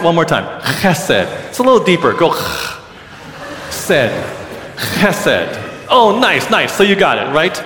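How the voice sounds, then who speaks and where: A man's voice: on the high side, a bit bright, a little hiss or hum. A middle-aged male pastor preaching a sermon to his congregation, earnest and teaching, leading them to repeat a word. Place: large church sanctuary. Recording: roomy church with long reverb.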